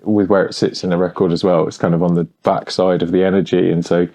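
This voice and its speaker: A man hosting a podcast, asking relaxed, rambling questions in casual chat. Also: low-pitched, fast talker. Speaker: podcast host. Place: podcast studio.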